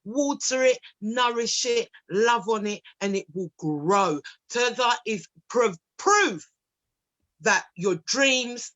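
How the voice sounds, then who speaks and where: An enthusiastic woman hosting an online talk show, encouraging and upbeat. Her voice is bright and sits fairly high. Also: slow pace, few pauses, dull audio. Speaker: show host.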